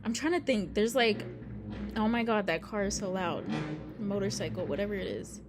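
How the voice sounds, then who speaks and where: A young woman talks straight to camera in a relaxed vlog, her voice sitting at an ordinary middle pitch. She rambles and circles back, filling gaps with "like" and "um" as she tells a story. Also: moderate pace, loud music behind the voice. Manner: chatty, rambling, full of "like" and "um". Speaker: vlogger. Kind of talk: casual talking-to-camera vlog. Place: indoors near a street with passing traffic.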